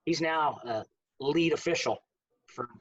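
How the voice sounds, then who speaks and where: A man telling a lively wrestling anecdote and acting out the lines he quotes. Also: a little high, measured pace, slightly rough, highs cut off. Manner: lively storyteller who acts out the quoted lines. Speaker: former college wrestler. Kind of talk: casual anecdote.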